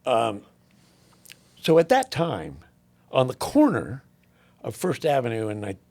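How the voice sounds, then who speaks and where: Older male guest, rambling storyteller, mid-pitched, swears, clears throat. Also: wildly swooping pitch, measured pace, darkish tone. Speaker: podcast guest. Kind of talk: casual storytelling interview.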